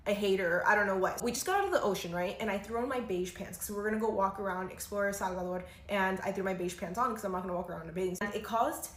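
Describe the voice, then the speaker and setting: A woman's voice: medium pitch, reverberant. A young woman telling a story from her own life in a casual, chatty way, full of "like". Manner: animated, chatty, lots of "like" and bursts of laughter.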